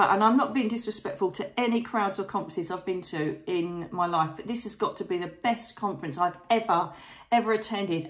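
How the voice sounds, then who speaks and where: A middle-aged woman talking to her followers in a casual vlog, effusive and emotional, with frequent fillers and asides. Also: on the low side. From Britain. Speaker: psychic medium vlogger.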